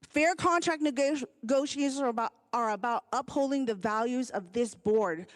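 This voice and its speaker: A union chapter vice president and occupational therapist giving an earnest public comment at a board meeting. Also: female voice, fairly high pitch, normal speed. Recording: long hall reverb.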